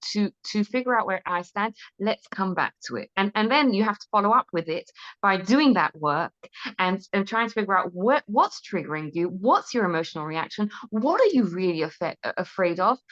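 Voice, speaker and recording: A woman's voice: mid-range voice, fairly bright tone. A woman talking through parenting advice as an interview guest, earnest and conversational. She keeps tagging her points with a questioning "right?" and often restarts mid-sentence. The audio is a little dull and lo-fi.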